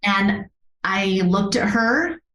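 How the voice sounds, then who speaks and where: A woman's voice: mid-range voice, animated, very slow, fairly bright tone, roomy sound, a little hiss or hum, poor audio. A woman who works as a yoga therapist tells a personal story as a podcast guest. She speaks earnestly and from the heart, often restarting her sentences.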